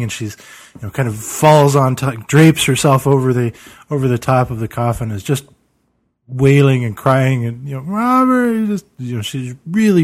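A man narrating a tabletop game as game master, halting and full of "you know" fillers. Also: medium pitch, darkish tone.

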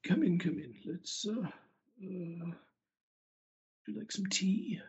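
A man's voice: high-pitched, slow, vocal fry, darkish tone, husky, pitched above the performer's own voice, heavily acted. A man voicing a frail elderly night manager in a tabletop game, polite and hesitant. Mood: fussy polite. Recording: muffled call audio.

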